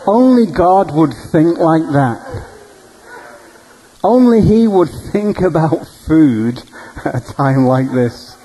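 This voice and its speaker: A male preacher telling dream stories in a sermon, animated and humorous. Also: fairly high pitch, slow pace, a little hiss or hum, rough recording. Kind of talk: storytelling sermon.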